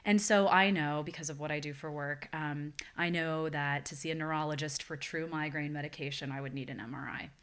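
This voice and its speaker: A woman's voice: low-pitched, steady tone, fairly quick, few pauses, a bit bright. A woman in her forties, a guest on a podcast, telling a personal story in an earnest, reflective way. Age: 40s. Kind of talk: personal testimony in a podcast interview.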